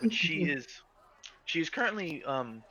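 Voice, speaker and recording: A man narrating as game master of a tabletop game, casual and halting as he builds each scene. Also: fairly high pitch, expressive, dull audio, crowd noise. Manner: casual, halting, restarts descriptions.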